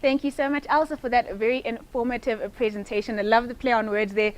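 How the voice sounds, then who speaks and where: Woman hosting a webinar, bright-pitched. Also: steady tone, fast. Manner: friendly, frequent ums. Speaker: event host. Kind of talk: moderating a webinar.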